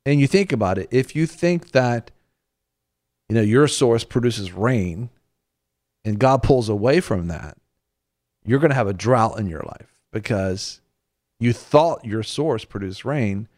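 A man in ministry talks faith with friends in a lively, preacherly way. He stops and restarts often and slips into quoted voices. His voice sits at an ordinary middle pitch. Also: unhurried. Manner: animated, acts out quoted voices. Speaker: minister on a faith talk show. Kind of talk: conversational preaching.

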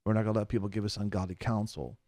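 A man with a low voice speaks as a radio host and preacher, earnest and plain-spoken. He sounds close to the mic in a dry, dead room. His delivery is conversational even when he preaches. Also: racing, no room sound. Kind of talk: sermon commentary and radio announcements.

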